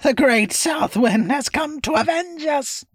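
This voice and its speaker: A squealing, wicked old zealot. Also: male voice, extremely high pitch, animated, measured pace, no room sound, clean studio sound, voice pushed up. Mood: gloating.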